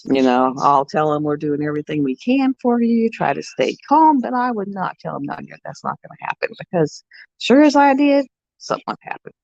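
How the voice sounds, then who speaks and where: A woman's voice: fairly low pitch, sing-song, moderate pace, gravelly, darkish tone, dry recording. A woman hosting a live stream, talking in a rambling, chatty way. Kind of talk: casual live-stream chat. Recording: dull, dry lo-fi sound.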